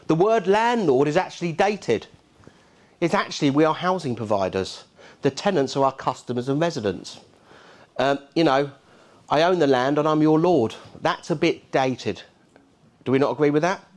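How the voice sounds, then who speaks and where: Punchy middle-aged Cockney keynote speaker. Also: male voice, fairly high pitch, expressive, normal speed. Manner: punchy, rhetorical, keeps checking in with the crowd. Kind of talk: lively conference speech. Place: conference hall.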